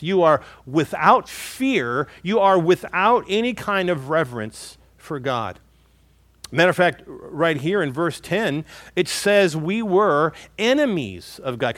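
A man's voice: a little high, fairly bright tone, no echo. A man preaching a sermon as a pastor, stressing key words and calling his listeners folks.

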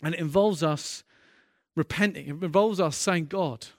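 A man's voice: on the high side, unhurried, dry recording, clean studio sound. A man preaching a sermon as a pastor, earnest and impassioned, often restarting his sentences and building in intensity.

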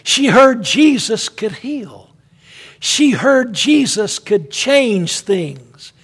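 Husky high-voiced male preacher, slow. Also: sing-song, fairly bright tone. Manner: dramatic, emphatic, addressing listeners as friend. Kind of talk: sermon.

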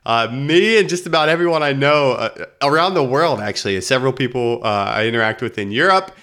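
A man hosting a calm podcast about breathing, sounding nasal from a lingering cold, reading quotes slowly and deliberately. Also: medium pitch. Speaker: podcast host. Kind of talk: calm reflective podcast talk.

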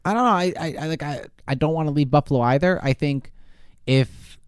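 Fast-talking guy on a podcast, stumbles over himself, swears a lot, gets worked up. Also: fairly high pitch, clean tone, no echo, studio quality. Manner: rambling, stammering restarts, swears freely, gets excited. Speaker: podcast co-host. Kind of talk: casual chat.

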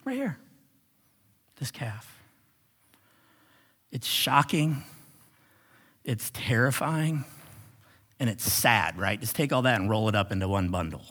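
Animated husky male pastor preaching. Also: mid-range voice, measured pace, pauses often. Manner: animated, swings from exclamations to hushed whispers. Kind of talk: sermon. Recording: long reverb of a large hall.

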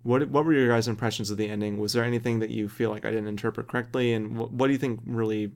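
A man's voice: mid-range voice, fairly even intonation, quick pace, a little mellow. A man hosting a casual podcast discussion, thoughtful and rambling as he lays out his reading of a story. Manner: thoughtful, rambling, laughs easily. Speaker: podcast host.

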